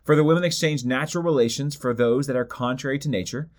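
With a medium pitch, this man works through a biblical book passage by passage, reading the text aloud. He stresses key ideas through repetition and a slower delivery.

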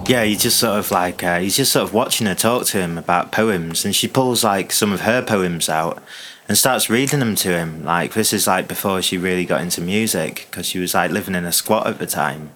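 Guy hosting a podcast, rambly, lots of likes and ums, lowish voice. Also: fairly quick, a bit bright, a little hiss or hum. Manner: rambling, full of fillers and restarts. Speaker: podcast co-host. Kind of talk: rambling comedic chat.

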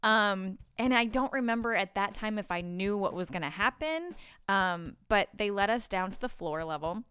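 A woman guest on a podcast interview, telling a story in a casual, animated way and laughing easily. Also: medium pitch, moderate pace, clear, resonant tone, dry recording. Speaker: guest actress.

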